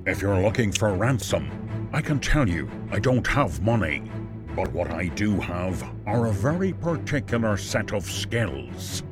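A man playing a calm, menacing caller who slowly spells out a threat, in a low measured voice. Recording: over dramatic music.

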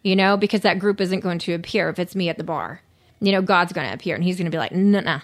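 A woman's voice: fairly low pitch, fast talker. A woman talking earnestly in a casual conversation, sharing a personal recovery story with lots of fillers. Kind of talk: casual chat.

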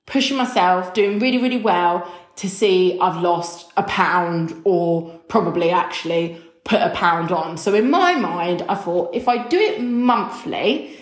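Frank woman in an echoey room. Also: mid-range voice. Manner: frank, emotional and chatty. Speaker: podcast host. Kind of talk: candid solo podcast talk.

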